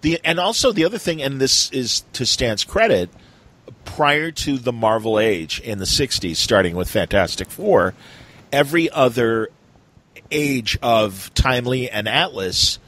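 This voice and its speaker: This podcast host has a medium-pitched, fairly bright voice with lively intonation and an unhurried pace. He rambles eagerly in casual chat, leaning on lots of fillers, and the recording quality is poor.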